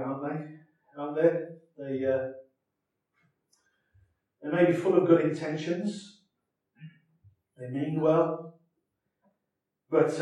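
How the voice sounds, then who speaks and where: A man's voice: medium pitch, warm tone, far from the mic. A man preaching a sermon in a conversational way, often adding tag questions and restarting his phrases. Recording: echoey hall, voice from off mic.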